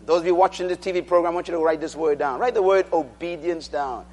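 A man preaching a sermon, drilling the congregation to repeat phrases and swinging between loud declarations and quiet asides. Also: a little high, fast.

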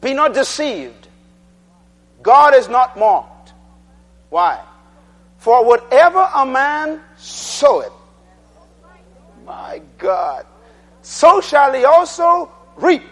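A man preaching a sermon, drilling the congregation to repeat phrases and swinging between loud declarations and quiet asides. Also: very high-pitched, lively intonation, takes it slowly, long pauses.

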